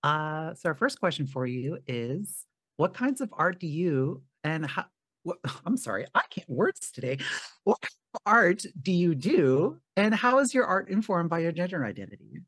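Breathy woman hosting a casual chat. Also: fairly low pitch, sing-song, normal speed, a bit bright, dry recording, studio quality. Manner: friendly, self-deprecating, giggly asides. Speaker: podcast host.

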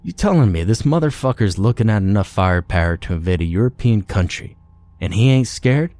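A man's voice: on the low side, expressive, brisk, darkish tone, no echo, natural voice. A man voicing a mocking marine who jeers with coarse words. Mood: jeering. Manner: jeering and profane. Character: mocking, foul-mouthed male marine.

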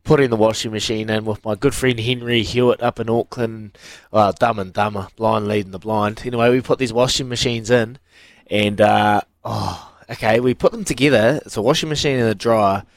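A man's voice: fairly low pitch, moderate pace, no echo. A man co-hosting a radio show, telling a story in casual chat and acting out the quotes. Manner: animated yarn-spinning with laughs and acted-out quotes. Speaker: radio co-host.

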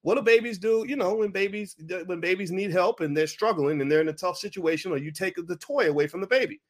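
A middle-aged man hosting a podcast, giving a mocking, animated commentary monologue, at times breaking into a high wailing baby voice. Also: fast talker. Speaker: podcast host.

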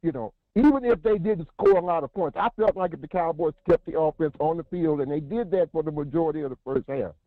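A man phones in as a guest analyst, his voice a little higher than most men's. He talks with energy in long running sentences. The sound comes through a tinny, dry phone line. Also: quick pace, few pauses, no echo. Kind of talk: casual sports analysis. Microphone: phone call.

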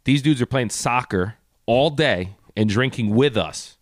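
A man's voice: medium pitch, a little slow, dry recording, studio quality. A man co-hosting a podcast, animatedly telling a story and acting out the people in it. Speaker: podcast co-host. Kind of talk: casual chat.

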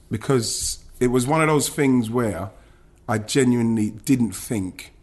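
A man's voice: medium pitch, takes it slowly, a little mellow. A man, a former footballer, recounting his career in an emotional podcast interview, with many restarts and some swearing.

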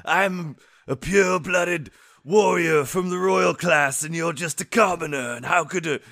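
A man putting on a haughty, proud warrior prince who rants and sneers loudly in a casual chat. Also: fairly high pitch, measured pace, no room sound, pitched above the performer's own voice. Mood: indignant ranting. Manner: loud, sneering, shouting boasts.

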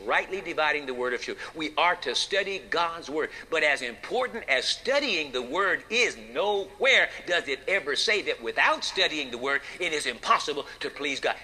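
Brief: male preacher, bright cutting tone, slightly high, folksy, emphatic, pauses for effect. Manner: folksy, emphatic, dramatic pauses, rhetorical questions. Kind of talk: sermon.

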